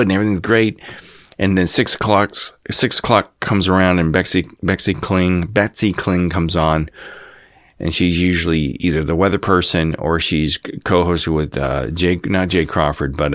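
Channel host, man in his fifties, very low voice, dry close sound, cynical rambling monologue. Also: no room sound. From Cleveland, Ohio area. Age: 50s. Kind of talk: casual monologue rant.

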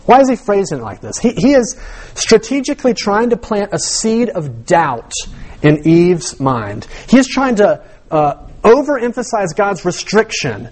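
A man's voice: high voice, very animated, normal speed, darkish tone. A man preaching a sermon as pastor, teaching with rhetorical questions and repeating words for emphasis.

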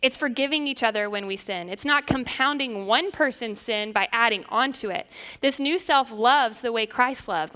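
A young woman with a Southern accent teaching a women's Bible study in an earnest, measured way, reading scripture aloud. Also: fairly high pitch, pushed and bright.

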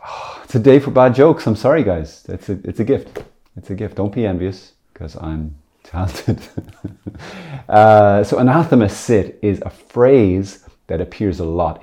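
A man with a low, mellow voice talks through church teaching in a relaxed, chatty way. He is a priest from Ireland who keeps cracking jokes at his own expense and laughing them off. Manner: jokey, self-deprecating, chatty. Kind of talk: casual teaching talk.

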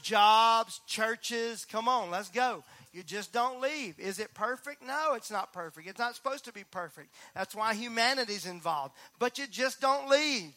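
A middle-aged man preaching a sermon, moving from calm talk to loud, repeated emphatic lines. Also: sits high, no echo. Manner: builds from calm to near-shouting emphasis, repeats key phrases. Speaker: pastor.

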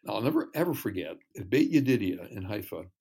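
A man talking as a ministry guest in an interview, earnest and measured, telling stories. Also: on the low side, sing-song, mellow, breathy edge. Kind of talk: casual interview chat.

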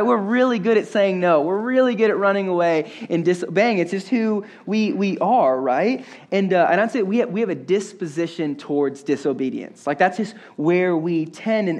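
Casual, joking young male pastor. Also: high-pitched. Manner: casual, conversational, self-deprecating humor with many fillers. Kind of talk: sermon.

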